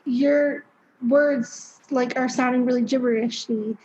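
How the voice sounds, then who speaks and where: Speaking slowly in a steady, darkish high voice, a young woman shares her story as a podcast guest. Her casual interview storytelling is loose and chatty, packed with fillers and blunt swearing, over dull lo-fi audio.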